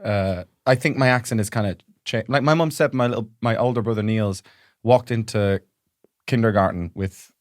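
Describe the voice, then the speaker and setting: A man's voice: on the low side, normal speed, no echo, studio quality. A young man co-hosting a podcast, chatting casually and slipping into impressions as he tells stories. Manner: animated storyteller, lots of impressions. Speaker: podcast co-host. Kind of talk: casual comedic chat.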